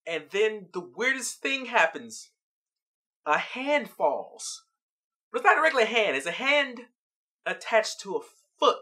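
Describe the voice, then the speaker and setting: A vlog host recaps a cartoon episode they just watched, their pitch swinging widely as the story builds. The tone is bright and forward and the pace unhurried, and they laugh often, keeping things loose and chatty.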